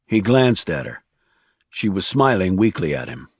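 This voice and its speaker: A man narrating a crime thriller audiobook in a measured, calm, understated reading. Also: low voice, slightly rough, dry recording, clean studio sound. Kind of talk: scripted narration.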